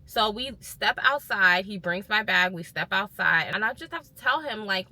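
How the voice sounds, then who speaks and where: A woman vlogger telling a personal story in a casual, animated way and quoting what others said. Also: mid-range voice, normal speed, hardly any pauses. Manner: animated retelling, quotes others' words. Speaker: lifestyle vlogger.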